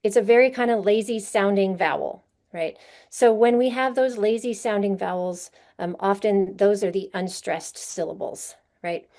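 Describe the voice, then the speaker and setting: Speaking to teachers in a conference literacy workshop, a woman explains patiently and keeps checking in with rhetorical questions. She uses a mid-range, darkish-toned voice at a normal speed.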